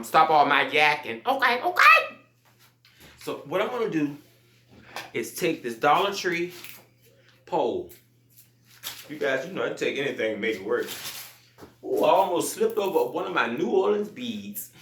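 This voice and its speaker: An upbeat man hosts a casual gardening vlog in a chatty, familiar tone, speaking straight to his viewers. His voice sits at a mid pitch. It rings off the walls of an echoey room. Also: a bit bright, slight background noise. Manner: chatty and upbeat, keeps addressing viewers as "you guys". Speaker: gardening channel host.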